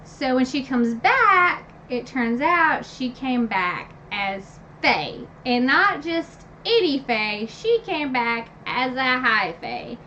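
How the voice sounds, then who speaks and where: A woman casually retelling a fantasy novel's ending, animated and gushing, with lots of fillers and sudden high squeals when excited. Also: slow, hardly any pauses, muffled recording, slight background noise. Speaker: book review vlogger. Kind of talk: casual book recap.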